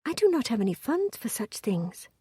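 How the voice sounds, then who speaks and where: A woman voicing a timid, sheltered young noblewoman who speaks softly, half in a whisper, in a storybook reading. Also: a little high, big pitch swings, moderate pace, husky, dry recording, studio quality, exaggerated voice. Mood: hesitant.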